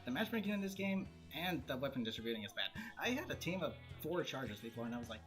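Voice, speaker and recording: A man giving casual, joking commentary while streaming a game, quick to laugh and to grumble about it. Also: mid-range voice, very animated, fairly bright tone. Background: game music.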